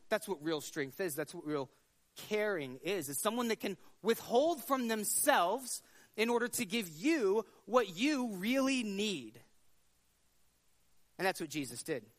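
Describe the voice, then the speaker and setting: A man's voice: high-pitched, a bit bright. A man preaching a sermon in a conversational way, often repeating words as he talks and acting out the voices in his story.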